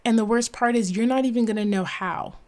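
A woman's voice: on the high side, a little fast, darkish tone. A woman hosting a solo podcast who gives an earnest, emphatic motivational talk and laughs at herself now and then. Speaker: podcast host.

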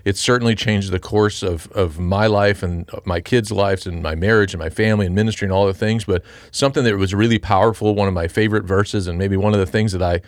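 Earnest, low-voiced man talking faith. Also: steady tone, dry recording, clean studio sound. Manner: earnest, halting, with many restarts and fillers. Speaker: podcast co-host and Christian father. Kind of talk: casual Bible discussion.

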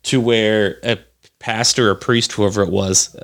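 A man's voice: fairly low pitch, steady tone, a bit bright. Joking man co-hosting a podcast. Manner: joking, storytelling, quick laughs. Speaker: podcast co-host. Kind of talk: casual chat.

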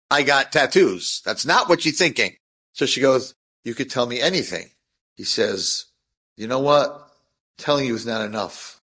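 A middle-aged rabbi tells an inspirational story to a crowd, acting out each speaker with sudden leaps in pitch. His voice is husky and sits at an ordinary middle pitch. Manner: animated, acts out dialogue with big pitch swings.

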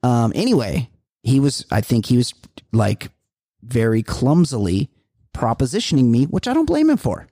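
A man's voice: medium pitch, big pitch swings, normal speed, dark tone, husky, dry recording, clean studio sound. A man co-hosting a comedy podcast, swearing a lot and rambling through stories. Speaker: podcast co-host. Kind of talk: casual comedy podcast banter.

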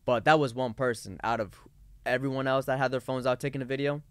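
A man's voice: mid-range voice, steady tone, quick pace, fairly bright tone, clean tone, no room sound. A man co-hosting a casual podcast discussion, talking in rambling runs full of fillers and restarts. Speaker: podcast co-host.

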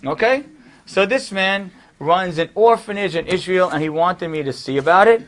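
A man's voice: high voice, moderate pace, fairly bright tone. A man, a rabbi, telling a story to his class in a conversational way with casual asides.

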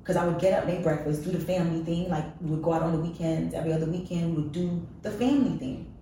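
Low-voiced woman telling her story frankly. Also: quick pace, warm tone, recorded from a distance, a little hiss or hum. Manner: frank and confessional, emphatic repetition. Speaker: podcast guest. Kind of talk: candid personal storytelling. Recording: echoey room, voice off-mic.

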